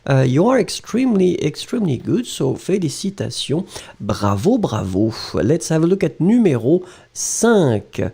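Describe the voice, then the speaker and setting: French male teacher, native speaker, lively rising and falling delivery, unhurried, encouraging, mellow tone. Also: fairly high pitch, gravelly, husky. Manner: encouraging, slow and spelled-out, mixing French phrases into English. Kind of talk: live online language lesson.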